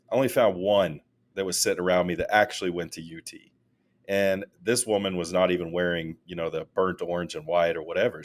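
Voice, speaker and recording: A man co-hosting a casual podcast, telling animated stories that rise into loud mock rants. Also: deep voice. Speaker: podcast co-host.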